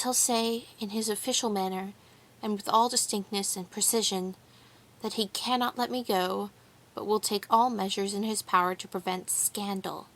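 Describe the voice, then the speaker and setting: A woman reading the part of a proud young noblewoman who speaks with sharp, mocking irony. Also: mid-range voice, natural voice.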